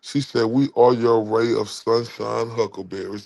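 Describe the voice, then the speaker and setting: Gravelly man ranting profanely. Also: mid-range voice, fairly even intonation, unhurried, few pauses, a little mellow. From Dallas, Texas. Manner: profane, insulting, repetitive ranting. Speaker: livestream host. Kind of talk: heated livestream rant.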